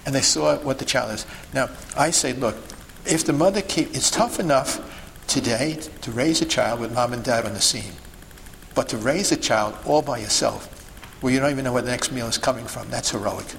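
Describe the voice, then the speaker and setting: A man leads a hands-on teaching session for a group, speaking at a middling pitch. He talks emphatically and keeps checking in with his listeners. He leans on rhetorical questions, with a faint hiss of noise behind him. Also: normal speed, creaky, a bit bright, poor audio. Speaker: sidewalk counselor teaching a group. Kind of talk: instructional talk to a group.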